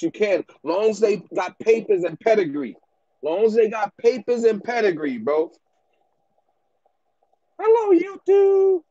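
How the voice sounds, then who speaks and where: A man's voice: high voice, a little mellow, lo-fi sound. A man who breeds dogs, giving business advice in a casual rant to the camera, slangy and repetitive, often ending lines with "bro" and "man".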